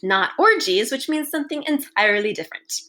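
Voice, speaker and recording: A woman's voice: a little high, animated, brisk, bright, forceful tone. A woman voicing an exasperated swindler duke who impatiently corrects his partner.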